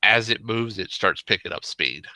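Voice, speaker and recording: A man narrating a tabletop game as game master, in a relaxed, meandering descriptive way. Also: on the low side, moderate pace, no room sound.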